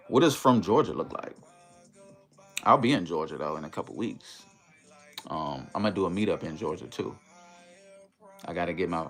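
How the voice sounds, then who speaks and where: A man hosting a casual livestream in a relaxed, easygoing way, reading viewer comments aloud and greeting them. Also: low voice. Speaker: livestream host.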